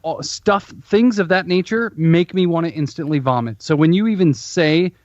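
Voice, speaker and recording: Teasing man with slightly high voice. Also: normal speed, a little mellow, no room sound, dull audio. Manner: blunt, teasing, hesitant starts. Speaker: podcast co-host. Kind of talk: casual chat.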